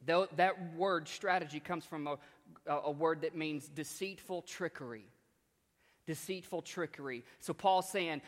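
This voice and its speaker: Emphatic preacher in a reverberant hall. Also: male voice, fairly high pitch, unhurried. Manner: repetitive, emphatic, conversational. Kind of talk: storytelling sermon.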